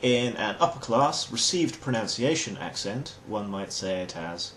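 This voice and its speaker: A low-voiced English man delivering a comic explainer in a dry, mock-formal way. His pitch leaps around with lively swings. There is a faint hum behind him. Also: a little slow. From England. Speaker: host.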